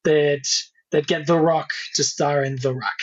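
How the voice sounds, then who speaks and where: A man's voice: fairly high pitch, fairly even intonation, measured pace, husky. Easygoing male co-host, dull lo-fi sound. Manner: easygoing plot recaps with fillers. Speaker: podcast co-host. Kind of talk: casual chat.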